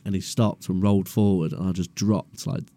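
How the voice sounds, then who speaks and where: Sitting low with fairly even intonation and a warm tone, this young man's voice moves at a moderate pace. Co-hosting a podcast from a garage, he tells a story in a laid-back, sweary way and laughs along in casual chat.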